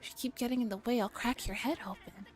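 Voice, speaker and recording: The voice of a furious teenage girl in a dramatic novel reading, read by a woman. She sounds cold and biting, on a slightly high voice, with soft music playing underneath. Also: lively intonation, fast talker, lightly acted. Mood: scornful.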